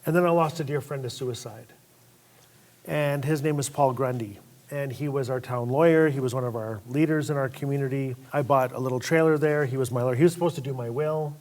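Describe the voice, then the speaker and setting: A man telling stories on a panel at a lecture event, lively and acting out voices of the people in his stories. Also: mid-range voice, a little fast. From Northwest Territories, Canada. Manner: animated storyteller who acts out voices. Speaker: panel guest author. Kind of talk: storytelling on a panel.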